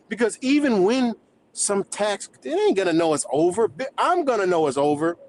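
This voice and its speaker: A man goes off in a fired-up, profane rant on his own livestream. He talks in loose streetwise slang and keeps his voice a touch high. A faint low rumble sits under the recording. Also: lively intonation, normal speed, a little mellow, rough recording. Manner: heated, swearing, streetwise slang, laughs between points. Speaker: livestream host.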